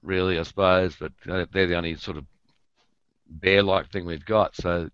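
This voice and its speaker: An Australian man, a podcast guest, explaining local slang in a relaxed, easygoing way with plenty of ums. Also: sits low, moderate pace, clear, resonant tone, no room sound, highs cut off. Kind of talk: casual chat.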